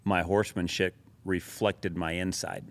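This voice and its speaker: Deep, smooth-voiced man from Oregon. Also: little pitch movement, measured pace. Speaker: podcast guest. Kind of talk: casual interview chat.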